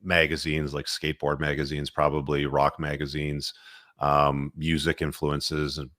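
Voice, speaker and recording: A man hosting a podcast interview in a relaxed way, often saying "man" and "you know". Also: a bass voice, measured pace, no echo, clean studio sound. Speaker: podcast host.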